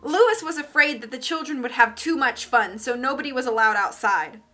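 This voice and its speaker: A woman streamer reading a children's book aloud, lively and doing character voices. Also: sits high, a little fast, faint music behind.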